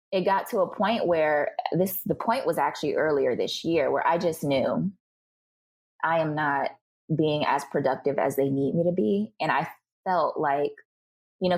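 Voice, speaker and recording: A woman's voice: low voice, gravelly, husky. A young adult woman speaking as a podcast guest, telling her story candidly and acting out what other people said to her. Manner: animated, acts out other people's remarks in quick bursts.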